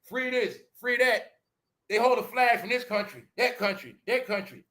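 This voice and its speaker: Homme à la voix vive et tranchante, commentaire familier. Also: male voice, extremely high pitch, expressive, moderate pace, pushed and bright. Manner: emphatic and preachy, addressing the audience as y'all. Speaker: YouTube commentary host. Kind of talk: casual commentary to viewers.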